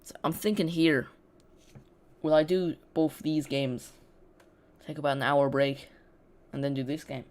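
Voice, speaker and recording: Football watch-along host, chatty and loose, talks straight to the chat, mid-pitched voice. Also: fairly even intonation, unhurried. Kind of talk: casual live watch-along commentary.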